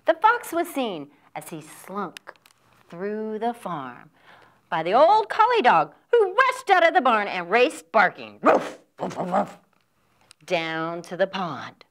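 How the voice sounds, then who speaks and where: A woman's voice: medium pitch, wildly swooping pitch, slow, fairly bright tone. A woman librarian reading a children's picture book aloud in a sing-song storytelling voice. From from the United States. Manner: sing-song storytelling with animal sound effects.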